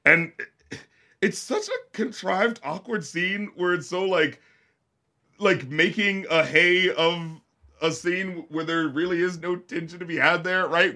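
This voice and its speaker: Bright-voiced rambling man retelling a film. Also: measured pace. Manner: rambling, animated, acts out scenes in low mock voices. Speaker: podcast co-host reviewing a film. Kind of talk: casual chat.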